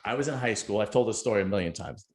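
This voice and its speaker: A man's voice: lowish voice, animated, very fast. A middle-aged man, hosting a casual chat and telling a rambling, joking story. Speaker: podcast host.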